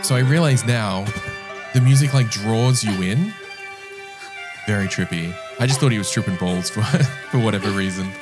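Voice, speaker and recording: A man's voice: lowish voice, moderate pace, music in the background. A man giving casual let's-play commentary, rambling, mocking himself and chatting to the game's characters. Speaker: gameplay commentator.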